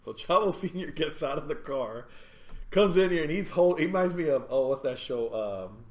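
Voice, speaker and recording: A man hosting a podcast from his store, telling rambling, animated anecdotes in casual chat. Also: on the high side, moderate pace. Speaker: podcast host and store owner. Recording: echoey room.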